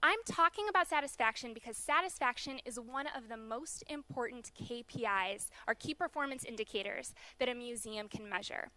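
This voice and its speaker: Young American woman, keynote speaker; bright, slightly high voice, brisk and explanatory. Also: no room sound. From USA. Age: young adult. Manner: brisk explanatory delivery with fillers. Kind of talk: conference keynote presentation. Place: large conference hall.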